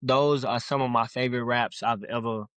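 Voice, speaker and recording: A man's voice: mid-range voice, fairly even intonation, normal speed, a bit bright, smooth, dry recording. A young man from Louisville, Kentucky, a guest rapper in a casual podcast interview, talking in a rambling, slangy, laid-back way.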